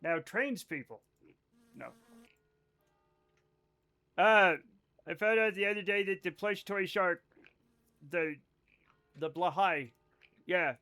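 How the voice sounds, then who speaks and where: A man chatting live with his viewers while he plays. His voice sits high, and he rambles from one joke to the next, often mocking himself. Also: unhurried, long pauses, sharp tone. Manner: rambling, joking, playfully self-mocking. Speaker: live streamer. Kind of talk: casual gameplay chat with viewers.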